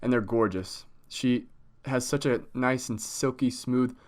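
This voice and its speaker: Joking, animated male album reviewer. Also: medium pitch, measured pace. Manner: animated, joking, swears casually. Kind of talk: casual video review.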